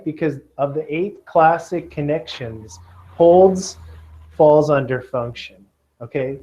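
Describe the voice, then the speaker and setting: A man from Kentucky teaching a class of students, lively and joking, often checking in with "okay?". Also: fairly high pitch, dull audio. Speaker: test prep teacher.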